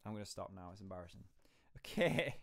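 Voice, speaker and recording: A man's voice: deep voice, big pitch swings, quick pace, a bit bright. Chatty man reading a book aloud. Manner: chatty, rambling, laughs at himself. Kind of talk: casual livestream chat and read-aloud.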